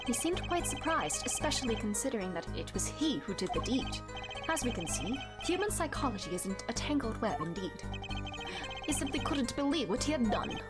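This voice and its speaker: A woman voicing a pompous young male university student witness with a put-on German accent and grandiose, theatrical delivery, over loud game music. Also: fairly high pitch, sing-song, normal speed.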